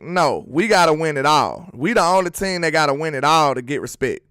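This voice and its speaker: Smooth-voiced man hosting sports talk. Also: on the high side, lively intonation, fairly quick, fairly bright tone, no echo, studio quality. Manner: slangy and emphatic, worked up about his team. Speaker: sports talk show host. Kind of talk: casual livestream chat reading viewer comments.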